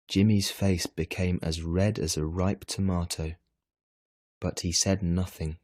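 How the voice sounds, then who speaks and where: A man reading a children's story aloud at an unhurried storytelling pace. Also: deep voice, steady tone, a little mellow, no echo, studio quality. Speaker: reader.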